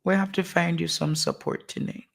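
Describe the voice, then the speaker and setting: A live-stream host, speaking slowly and in a comforting way. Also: medium pitch, fairly even intonation. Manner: slow, gravelly, comforting.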